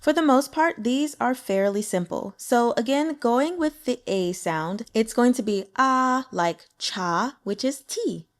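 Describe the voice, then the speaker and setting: A woman's voice: a little high, animated, a little slow, hardly any pauses. A woman and native English speaker teaching pronunciation in a casual lesson, upbeat and demonstrating sounds with exaggerated examples. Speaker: language teacher.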